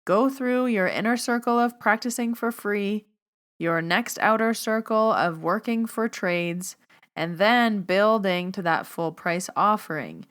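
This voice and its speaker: A woman's voice: medium pitch, unhurried, fairly bright tone, clean tone. A woman hosting a solo podcast as a medium, chatty and storytelling, acting out what people said. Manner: chatty storytelling, acts out quotes.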